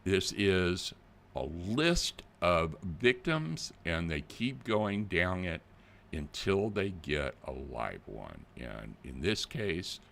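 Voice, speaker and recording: Deep gravelly older man, lively delivery. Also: takes it slowly. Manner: animated, plain-spoken, addresses viewers directly. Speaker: channel host. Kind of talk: casual video commentary.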